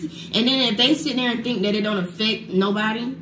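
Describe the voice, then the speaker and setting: A woman's voice: on the high side, fairly quick, echoey room, noisy background. A young woman speaking frankly and a bit exasperated about family favoritism. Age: young adult. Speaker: guest, the speaker's daughter.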